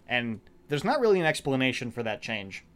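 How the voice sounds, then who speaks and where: Rambling, profane man recapping a show. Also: medium pitch. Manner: rambling, profane, animated retelling with quick quoted voices. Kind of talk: casual chat recapping a show.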